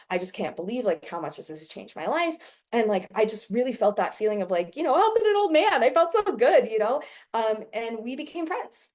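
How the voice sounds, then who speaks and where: Profane, animated woman coach telling a story. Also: mid-range voice. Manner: profane, animated, laughs often. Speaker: business coach. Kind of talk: casual storytelling talk.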